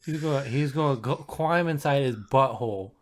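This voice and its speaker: A man's voice: medium pitch, normal speed. A man co-hosting a podcast, casually recapping a film plot and playing along with the jokes. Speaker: podcast co-host. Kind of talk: casual comedic chat. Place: home recording late at night.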